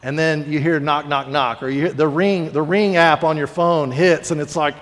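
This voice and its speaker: A male pastor delivers a sermon in an easy, conversational manner, slipping into lively acted-out quotes as he tells stories. His voice sits somewhat high for a man. The room carries a long, echoing reverb. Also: moderate pace, hardly any pauses.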